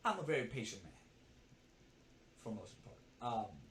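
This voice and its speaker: Animated young man ranting in a roomy space. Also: lowish voice, a little slow, slight background noise. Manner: animated, swearing, keeps tagging "right?". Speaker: vlogger. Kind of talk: casual storytelling to camera. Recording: roomy with faint ambience.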